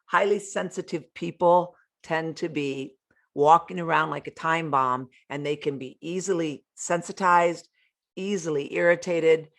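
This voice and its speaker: A woman's voice: deep voice, unhurried, creaky, a bit bright. Female self-help host: earnest and blunt, coaches listeners, swears offhand. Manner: earnest, frank, swears casually. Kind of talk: motivational self-help talk.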